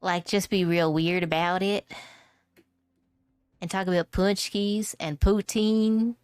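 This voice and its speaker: A woman's voice: on the low side, fairly even intonation, takes it slowly, a little mellow, clear, resonant tone, no room sound, studio quality. A woman streamer chatting casually and playfully while drawing, rambling from one joke to the next and laughing often. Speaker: vtuber streamer.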